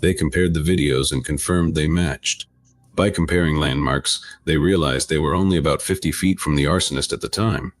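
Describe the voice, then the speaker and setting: Brief: male narrator, very deep, dry close recording, even scripted read. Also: moderate pace, no room sound. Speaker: video narrator.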